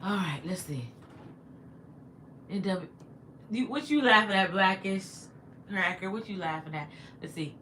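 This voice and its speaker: A woman in her house hosts a casual livestream, speaking in a mid-range voice at a measured pace with long pauses and slight background noise. She reads viewers' comments aloud and chats back to them and her pet in an animated way.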